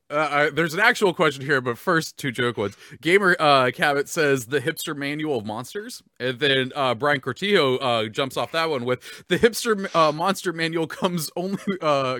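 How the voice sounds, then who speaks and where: A man's voice: fairly high pitch, moderate pace, hardly any pauses, pushed and bright, no room sound, clean studio sound. An American man hosting a casual livestream, reading chat questions aloud, laughing often and tripping over his words.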